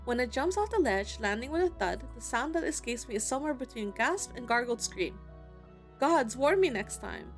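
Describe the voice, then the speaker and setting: A woman streamer reading a dating-sim story aloud in an expressive, giggly way, breaking into excited squeals between lines. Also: a little high. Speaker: gaming streamer. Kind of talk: reading a visual novel aloud.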